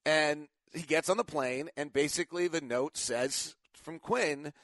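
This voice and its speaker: A tired middle-aged man runs a casual sports talk show, rambling through his stories and stopping to correct himself. His voice sits a little higher than most men's. The recording is dry, with no room sound. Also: a little slow, fairly bright tone, no room sound. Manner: rambling storyteller, frequent self-corrections. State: tired after little sleep.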